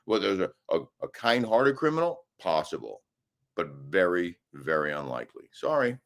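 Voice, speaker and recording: Middle-aged male co-host, very low voice, casual live-chat delivery with emphatic argumentative bursts. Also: very animated, moderate pace, vocal fry. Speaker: co-host of a live daily show. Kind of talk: casual live-stream chat, reading comments. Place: hotel room.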